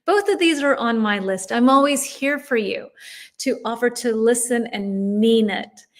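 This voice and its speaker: A middle-aged woman with a somewhat high voice runs a live English lesson from her own stream. She talks in a chatty way, reading out viewers' comments and answering them as she goes. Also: measured pace. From United States. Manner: chatty, reads viewers' comments aloud and reacts warmly. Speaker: English teacher.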